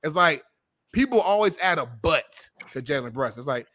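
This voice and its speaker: A man's voice: fairly high pitch, animated, normal speed, pushed and bright, dry recording, clean studio sound. A man co-hosting a sports talk show, arguing emphatically and swearing as he makes his case. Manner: emphatic, swears, argues point by point. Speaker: co-host.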